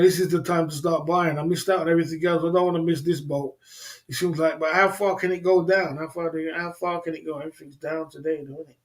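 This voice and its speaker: Rambling man on a livestream. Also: fairly high pitch. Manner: rambling, repeats "you know what I mean". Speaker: livestream host. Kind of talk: casual livestream chat reading comments.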